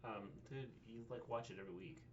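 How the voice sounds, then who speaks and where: A man co-hosting a casual recap podcast, calmly pushing back with dry remarks. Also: on the low side, fast. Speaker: podcast co-host. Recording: slightly dull lo-fi recording.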